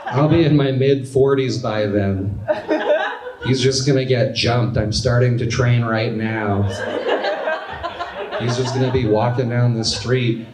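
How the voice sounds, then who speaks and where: A young man in his twenties doing a stand-up comedy set with a dry, deadpan delivery in a club. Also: mid-range voice, measured pace, long pauses, very noisy. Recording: echoey club with audience laughter. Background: crowd laughter.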